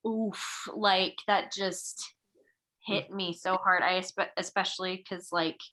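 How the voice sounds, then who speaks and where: A woman's voice: fairly low pitch, little pitch movement, a little slow, pushed and bright, poor audio. A young woman on a video call who shares personal reflections hesitantly, with many fillers and restarts. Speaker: book club member. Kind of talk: casual reflective sharing.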